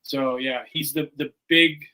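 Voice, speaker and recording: A man's voice: a little high, steady tone, pushed and bright, low-quality recording. A man from Canada, a podcast guest chatting casually and stumbling over repeated words. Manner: friendly, halting, repeats words. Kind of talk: casual chat.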